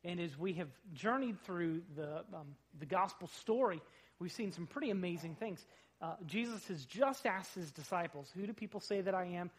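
A man preaching a sermon in a church, animated, rising loud on quoted lines and dropping low between them. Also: normal speed. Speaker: pastor. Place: church sanctuary.

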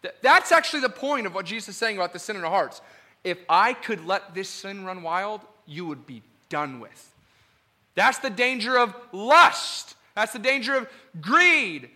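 A male pastor preaching a sermon in an animated, emphatic, conversational way. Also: sits high, normal speed.

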